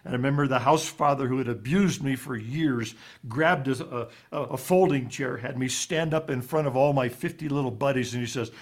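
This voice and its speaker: Haltingly, with frequent repeated words, a man raised in Ivory Coast shares a personal story as an interviewed author. His voice grows low and quiet whenever he reaches the painful moments.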